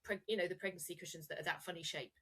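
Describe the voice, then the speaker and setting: A woman's voice: on the low side, steady tone, racing, a bit bright, husky. A woman coach talking freely in a podcast interview, rambling and correcting herself as she explains ideas. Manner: rambling, self-correcting, demonstrative. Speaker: coach and guest.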